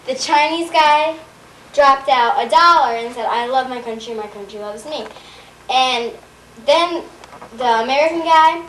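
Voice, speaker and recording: A woman telling a long joke in a rambling, halting way, with many fillers. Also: sits high, fairly bright tone, slight background noise. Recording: roomy, distant home video recording.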